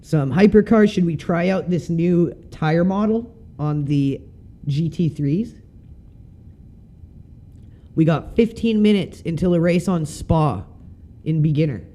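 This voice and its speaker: A man's voice: on the high side, takes it slowly, pauses often, dark tone. Laid-back man streaming sim racing. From Canada. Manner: laid-back, chatty, swears casually. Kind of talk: casual live-stream commentary.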